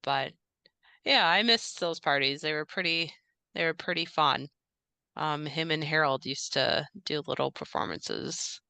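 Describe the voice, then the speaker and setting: A polite, jittery house servant in a tabletop horror game, as a woman voices him. He rambles and hesitates, but his tone stays low and very smooth and crisp. The sound is dry and close. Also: a little slow, bright, forceful tone, no room sound, full character voice. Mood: chatty. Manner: hesitant, rambling, many fillers. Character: polite, nervous male house staffer.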